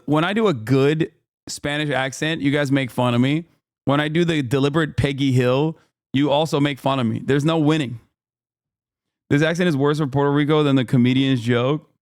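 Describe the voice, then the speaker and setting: A man in his thirties streaming reaction commentary, animated and joking as he reads from his chat, on a close desk mic. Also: medium pitch, no echo.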